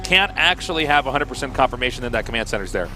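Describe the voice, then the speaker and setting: A man's voice: medium pitch, animated, rapid-fire, music in the background. An American man casting a live esports match, mixing chatty jokes with play-by-play analysis. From United States. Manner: chatty, jokey banter between analysis. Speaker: esports caster.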